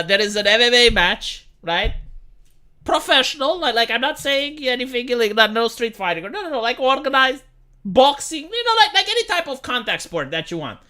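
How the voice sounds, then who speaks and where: A woman's voice: fairly high pitch, pushed and bright. A woman live streamer doing casual reaction commentary, sarcastic and profane, often stumbling over repeated words.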